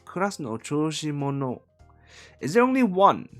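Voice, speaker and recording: Man from hong kong, casual stream chat, animated pitch, lots of fillers, chuckles, soft guitar music behind. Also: a little slow. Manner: rambling, many fillers and self-corrections, chuckles often. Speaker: streamer translating a novel live.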